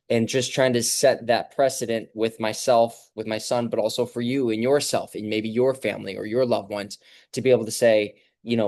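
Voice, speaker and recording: A man and father giving a casual motivational talk, reflective and halting with many fillers. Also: fairly low pitch, little pitch movement, a little mellow, no echo, studio quality. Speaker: clinic host.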